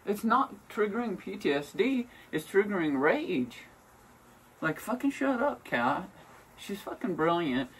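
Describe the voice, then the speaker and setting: A woman's voice: mid-range voice, big pitch swings, a little slow, breathy edge, distant mic. A woman vlogging at home in a casual, rambling way, venting bluntly with lots of swearing. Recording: voice from away from the mic, faint room noise.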